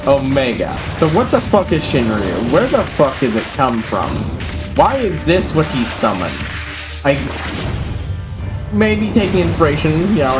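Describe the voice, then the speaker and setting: A man streaming a video game and giving casual, excitable commentary, swearing freely. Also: mid-range voice. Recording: voice filter, music behind.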